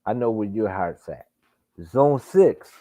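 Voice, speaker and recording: A man's voice: lowish voice, lively intonation, warm tone, no echo. A man hosting a live boxing stream, reacting in casual, profane, emphatic commentary. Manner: profane, emphatic, drawn-out remarks. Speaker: boxing livestream host.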